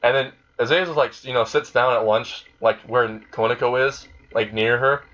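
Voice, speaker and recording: A man's voice: medium pitch, steady tone, moderate pace, a bit bright, dull audio. Rambling man retelling a fan story. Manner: rambling, frequent fillers and laughing.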